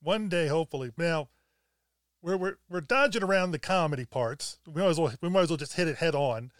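A man chats about films in a casual podcast, conversational and sometimes repeating words as he hunts for the right one. His voice is somewhat high and smooth. The sound is dry and close. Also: brisk, dry recording. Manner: conversational, repeats words while searching for them. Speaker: film discussion co-host.

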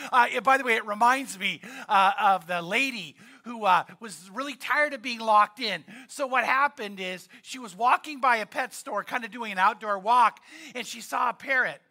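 A man's voice: high voice, bright, forceful tone. A male pastor giving a conversational sermon, joking with the congregation and repeating key lines.

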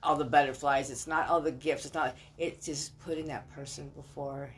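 A woman's voice: sits low, steady tone, normal speed. A middle-aged woman chatting casually, emphatic and preachy about faith and love. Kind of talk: casual chat.

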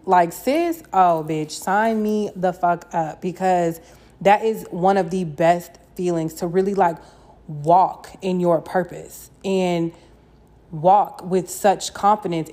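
A woman's voice: on the low side, darkish tone. A young woman hosting a solo podcast, chatting casually with a candid, slangy and profane manner. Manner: candid, slangy and profane, often says "you know what I mean". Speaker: podcast host.

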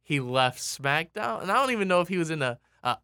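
A man's voice: fairly high pitch, very animated, fairly quick, sharp tone, dry recording, clean studio sound. A man in a casual chat, rambling with lots of restarts and fillers.

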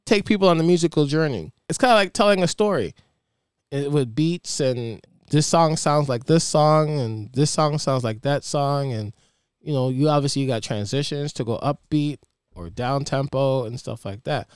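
A male DJ co-hosting a casual podcast, laughing easily and often restarting his sentences. His voice sits fairly high and sounds smooth and clear. The recording is dry and close. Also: normal speed, no echo. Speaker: DJ and podcast co-host. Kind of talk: casual chat.

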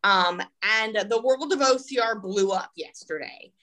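A woman's voice: a little high, a little slow, bright, forceful tone, poor audio. A woman hosting a podcast, chatting casually and laying out the next topic. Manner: brief affirmations, then explains topics. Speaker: podcast host. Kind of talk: casual chat.

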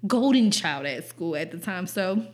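A woman's voice: on the low side, animated, a little slow. A young woman hosting a podcast, telling a personal story in casual chat, blunt and profane and often laughing. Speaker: podcast host.

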